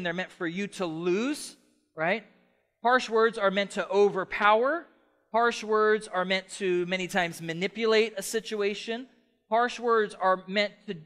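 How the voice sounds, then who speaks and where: Middle-aged guy preaching, passionate, goes loud then real soft, high bright voice. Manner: passionate, swings from loud emphatic to soft and quiet. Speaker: pastor. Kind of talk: sermon.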